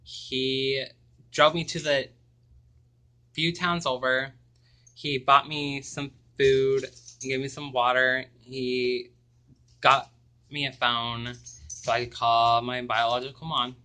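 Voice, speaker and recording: A young man speaks slowly and haltingly, pausing often and filling the gaps with ums as he recounts something personal to camera. His voice is strikingly bright and crisp, sitting at an ordinary middle pitch. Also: little pitch movement. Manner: halting and hesitant, with many ums. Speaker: vlogger.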